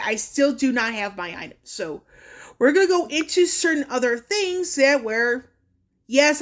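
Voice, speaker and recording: A woman's voice: on the high side, fairly bright tone. A woman vlogger talking casually through a screen recording, earnest and warning, with fillers and restarts. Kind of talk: casual screen-share walkthrough.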